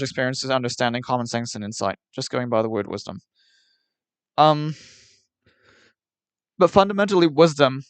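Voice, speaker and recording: A man's voice: mid-range voice, a bit bright, no echo. A male streamer talking opinionatedly on a live stream, putting on a New Zealand accent, repeating and restarting words while he answers chat. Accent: put-on New Zealand.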